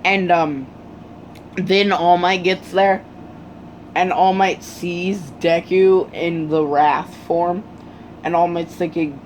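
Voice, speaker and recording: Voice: mid-range voice, fairly even intonation, slow, slight background noise. A speaker casually retelling a fan story, rambling with many fillers.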